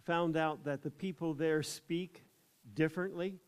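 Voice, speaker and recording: Older american pastor preaching, slightly high voice, slow storytelling that builds up hard. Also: male voice, steady tone, smooth. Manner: unhurried storytelling that rises into emphatic preaching. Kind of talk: sermon.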